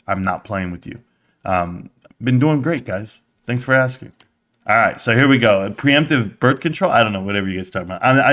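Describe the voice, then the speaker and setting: A man's voice: lowish voice, fairly bright tone. A middle-aged man from the United States hosting a live stream, talking straight to his chat in a rambling, casual rant with frequent restarts.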